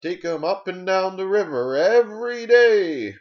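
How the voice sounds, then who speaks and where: A man putting on the voice of a chatty older person who dotes on their dog, in a high, quavering tone. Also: animated, measured pace. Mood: doting, chatty. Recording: dull lo-fi recording.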